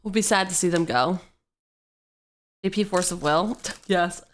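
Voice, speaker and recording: A woman's voice: fairly low pitch, measured pace, slight background noise. A woman streamer chatting casually and joking as she opens card packs on a livestream. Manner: playful, jokey asides, sings snatches of song.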